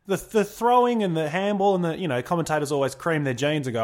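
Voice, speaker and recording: A man's voice: a little high, fast talker, few pauses. A young Australian man hosting a casual sports podcast, blunt and joking. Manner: blunt, joking, lively banter. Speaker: podcast host.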